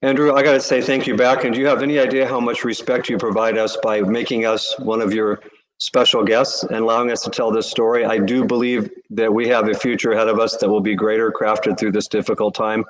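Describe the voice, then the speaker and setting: A man, a charity CEO, answering interview questions with earnest, animated storytelling. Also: on the low side, brisk, poor audio.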